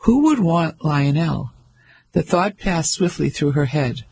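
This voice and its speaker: A man narrating a novel in measured, scripted storytelling. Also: a little high, animated, vocal fry, a little mellow, breathy edge, poor audio. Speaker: audiobook narrator.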